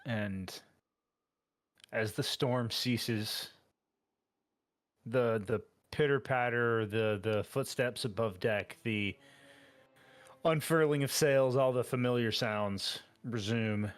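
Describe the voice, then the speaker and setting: Acting as game master for a tabletop game, a man with a medium-pitched voice narrates, describing each scene without hurrying.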